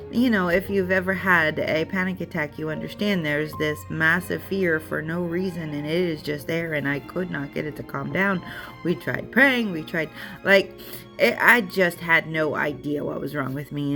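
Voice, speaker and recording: Gravelly woman telling a personal story. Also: low voice, sharp tone. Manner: earnest, emotional retelling. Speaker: storyteller sharing her recovery. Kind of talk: personal testimony.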